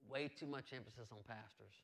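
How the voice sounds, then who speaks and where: A man's voice: medium pitch, brisk, a bit bright. A male pastor preaching a sermon in an earnest, conversational way, repeating phrases and adding asides.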